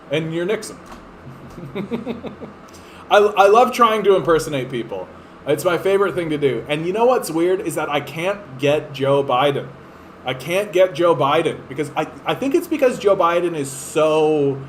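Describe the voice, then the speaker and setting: A man's voice: fairly high pitch, expressive, normal speed, slight background noise, low-quality recording. Profane man ranting. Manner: profane, fired up, filler-heavy. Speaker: podcast host. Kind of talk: political commentary rant.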